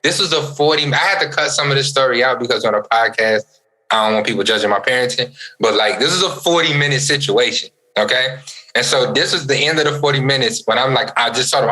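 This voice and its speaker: Bright-voiced animated male storyteller. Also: mid-range voice, fast talker, low-quality recording. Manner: animated storyteller, stammers and repeats words. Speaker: podcast co-host. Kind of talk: casual chat.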